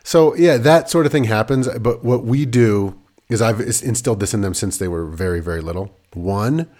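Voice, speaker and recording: A man in his thirties co-hosting a podcast, a father of young kids, talking in animated bursts and swearing now and then. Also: lowish voice, moderate pace. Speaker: podcast co-host. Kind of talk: casual chat.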